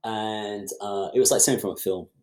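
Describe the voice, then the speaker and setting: Deep-voiced middle-aged man telling stories. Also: fairly quick. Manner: lively storyteller who acts out other people's lines. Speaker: podcast guest, film director. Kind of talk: anecdotal storytelling in conversation.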